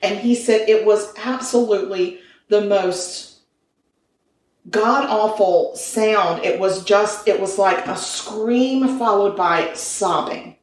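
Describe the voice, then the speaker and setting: A woman's voice: medium pitch, takes it slowly. Chatty woman storyteller in a roomy space. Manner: chatty and animated, with asides and self-corrections. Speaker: podcast co-host. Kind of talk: casual chat, telling a ghost story. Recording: roomy sound from a distant mic.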